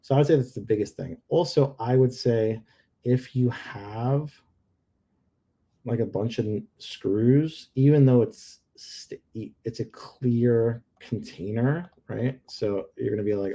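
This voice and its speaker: With a warm, mid-range voice carrying a breathy edge, a man speaks at a measured pace as he livestreams reviews of on-screen product listings, joking in asides and repeating things emphatically in casual chat.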